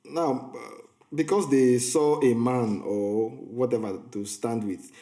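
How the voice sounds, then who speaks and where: A man's voice: medium pitch, fairly even intonation, slow pace, mellow. A man, chatting casually as a film reviewer and storyteller, often restarting his sentences. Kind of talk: casual vlog recap. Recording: echoey room.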